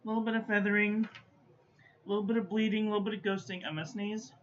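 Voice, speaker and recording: A woman's voice: medium pitch, flat delivery, fast. A woman giving a casual stationery review, muttering to herself and playfully scolding as she goes. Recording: dull lo-fi audio with faint background noise.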